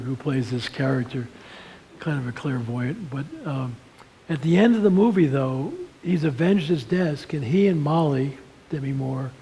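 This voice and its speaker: A man giving a talk at a seminary lunch seminar, telling stories in a folksy, animated way. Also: mid-range voice, a little hiss or hum, rough recording. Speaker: speaker at a seminar. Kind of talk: storytelling talk on leadership and faith.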